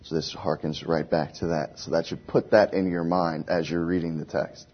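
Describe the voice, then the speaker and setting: Man, informal Bible teacher, asks the class questions, deep voice, dull lo-fi recording. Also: steady tone, normal speed.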